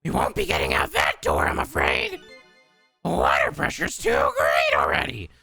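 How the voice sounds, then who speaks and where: A man voicing a determined young woman detective who shouts urgent orders. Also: very deep voice, wildly swooping pitch, moderate pace, vocal fry, breathy edge, faint music behind, voice pushed down, exaggerated voice. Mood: grim.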